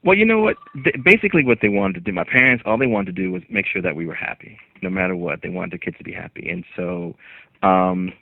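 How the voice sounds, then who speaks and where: A man's voice: low voice, animated, quick pace. A comedian from Springfield, Massachusetts, calling in to a radio show and joking around as he answers questions. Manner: joking, laughs between lines. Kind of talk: casual phone interview. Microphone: phone. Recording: phone line.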